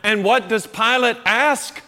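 A man preaching a sermon in an animated, emphatic way, acting out quoted voices as he goes. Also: very high voice, takes it slowly. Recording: long hall reverb.

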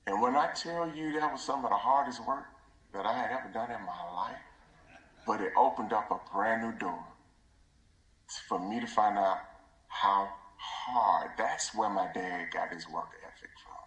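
Guy giving his dad's funeral tribute, bright lowish voice, keeps going almost whispery, echoey church. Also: normal speed. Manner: voice breaking, often dropping to a near whisper.

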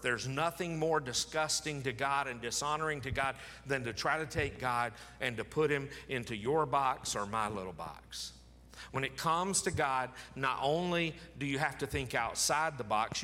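A pastor preaching an emphatic sermon, repeating key words for stress. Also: male voice, mid-range voice, bright, forceful tone, long reverb tail, slight background noise.

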